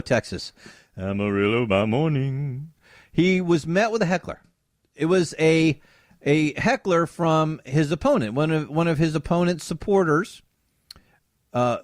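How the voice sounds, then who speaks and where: A man's voice: on the high side, no room sound, clean studio sound. A man filling in as host of a talk radio show, giving sarcastic commentary and mocking opponents. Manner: sarcastic, mocks opponents in put-on voices.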